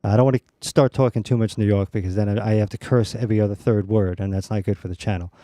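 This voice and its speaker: Mellow relaxed male gaming streamer. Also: lowish voice, fast, no room sound. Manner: relaxed, rambling, many fillers. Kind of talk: casual gaming chat.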